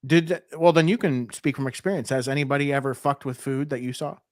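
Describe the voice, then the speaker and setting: A man's voice: mid-range voice, steady tone, fairly quick, no room sound, studio quality. A man in his thirties co-hosting a podcast, blunt and joking in casual profane chat. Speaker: podcast co-host.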